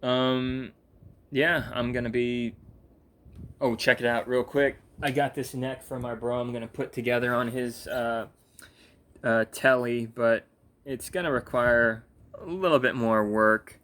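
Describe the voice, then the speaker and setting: A man's voice: medium pitch, steady tone, measured pace, a bit bright. A young man, sleepy, ranting casually with lots of fillers, restarts and swearing. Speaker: gaming vlogger. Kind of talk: casual rambling rant.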